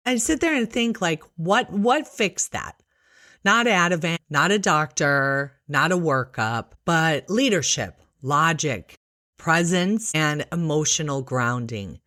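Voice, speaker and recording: A middle-aged woman, an ER nurse, telling a work story in a casual, animated way and acting out the other people's voices. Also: deep voice, takes it slowly, no echo, studio quality. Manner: animated, acts out voices in quotes. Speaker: ER nurse and podcast host.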